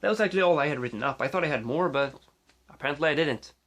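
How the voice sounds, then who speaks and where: A man's voice: on the high side, animated, rapid-fire, a bit bright. Rambling Swedish man vlogging on a phone. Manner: rambling, with many fillers and restarts. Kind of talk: casual rambling vlog.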